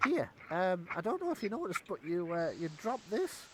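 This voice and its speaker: A man's voice: high-pitched, very animated, normal speed, pitched above the performer's own voice. A man voicing a kind, bashful male goblin who works at a carnival, talking in an eager, insistent way and repeating himself. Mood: eager, coaxing. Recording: background hiss.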